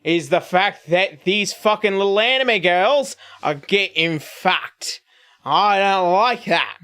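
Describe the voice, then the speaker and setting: A man putting on a deliberately bad Australian accent to play a grumbling male politician who complains while his house burns. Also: sits high, animated, a bit bright, clean tone, full character voice. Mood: indignant. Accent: put-on Australian, badly done.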